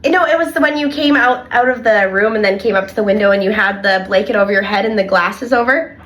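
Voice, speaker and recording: Chatty young woman telling lively stories. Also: medium pitch, fast talker. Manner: animated storyteller, heavy filler "like". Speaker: podcast co-host and childcare worker. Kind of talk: casual podcast chat.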